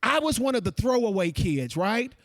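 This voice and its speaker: Animated high-pitched man giving keynote. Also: moderate pace, dry recording. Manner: animated, addresses audience directly as folks. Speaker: keynote speaker. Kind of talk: conference keynote speech.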